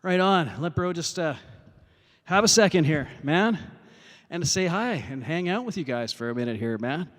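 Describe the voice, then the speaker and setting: A man hosts a casual music livestream from a parking lot, talking into a phone. His voice sits a little high for a man, and his loose, profane chatter is full of fillers and restarts. He sounds a bit out of breath, and a long reverb trails after his words. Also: animated, moderate pace. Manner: rambling, profane, many fillers. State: winded after performing.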